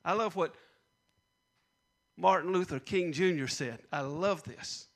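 A man's voice: on the high side, measured pace, long pauses. A man preaching a sermon, repeating punchlines and leading call-and-response with the congregation. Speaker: pastor.

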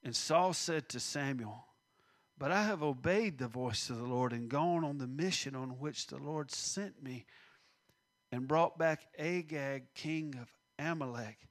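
A man's voice: medium pitch, unhurried. A man preaching a sermon, acting out the voices in the scripture and dropping to a near-whisper at times.

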